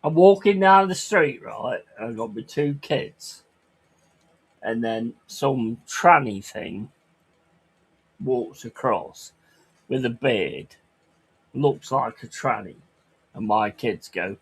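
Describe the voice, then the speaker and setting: A man's voice: mid-range voice, animated, slow, husky. A man chatting on a livestream, reading chat aloud and ranting crudely with lots of swearing.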